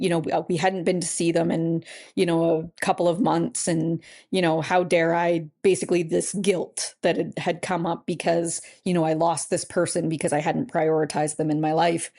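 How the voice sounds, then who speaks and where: Earnest woman, low voice. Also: a little mellow. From Canada. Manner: halting, earnest, heavy with "you know" fillers. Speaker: podcast guest. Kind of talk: personal storytelling in an interview.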